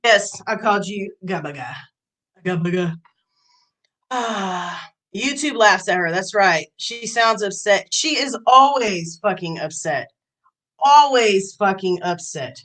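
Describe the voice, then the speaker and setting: A woman's voice: medium pitch, expressive, a little slow, a bit bright, rough recording. A woman live streamer in a profane, mocking rant, reacting to clips and messages. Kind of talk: ranting commentary.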